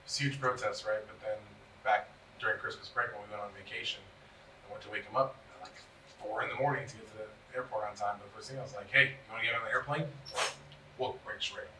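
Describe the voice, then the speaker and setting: A father talks fast and tells quick stories, with a bright, mid-pitched voice. He sounds some way off from the mic in an echoey room. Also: steady tone, far from the mic, slight background noise. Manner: quick and talkative, tells anecdotes. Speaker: parent. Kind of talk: casual chat.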